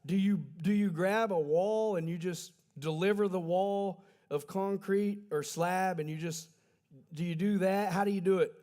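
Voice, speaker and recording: A man delivers a livestreamed church sermon as folksy, conversational storytelling. He stops to correct himself along the way. His voice sits somewhat high for a man. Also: moderate pace, mellow. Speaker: pastor.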